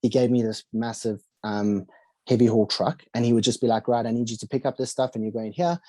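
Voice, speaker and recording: A man's voice: medium pitch, fairly even intonation, a little fast, warm tone, no room sound. A young man from South Africa with a South African accent, a podcast guest telling his life story casually, acting out what others said to him. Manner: chatty, fillers and acted-out quotes.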